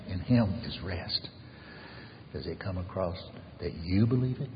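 A man preaching an earnest sermon as pastor, swinging from raised emphasis to soft near-whispers. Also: deep voice, expressive, a little slow, in a large hall, highs cut off, a little hiss or hum.

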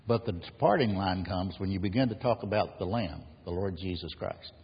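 A man's voice: low voice, moderate pace, breathy edge. A man preaching an earnest sermon as pastor, building emphasis on key phrases. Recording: dull lo-fi sound in a reverberant hall.

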